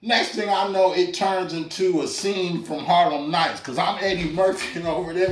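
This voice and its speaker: A man's voice: high-pitched, moderate pace, noisy background. A man in doing a stand-up comedy set, loose and chatty, with lots of fillers and asides to the crowd. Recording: roomy club sound from a distance.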